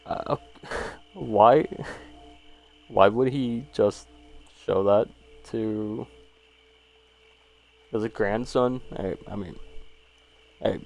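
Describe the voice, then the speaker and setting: A man's voice: on the low side, steady tone, very slow, gravelly, pauses often, darkish tone. A man casually reading short horror stories aloud and rambling about each one, with lots of fillers and swearing. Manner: rambling, laid-back, swears, frequent fillers.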